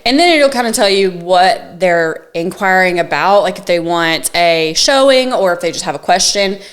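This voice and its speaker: A woman with a slightly low voice co-hosts a relaxed podcast chat. She lays out her work calmly and step by step, and breaks into laughter easily. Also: normal speed. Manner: laughs often, explains step by step. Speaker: podcast co-host, real estate agent. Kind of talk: casual chat.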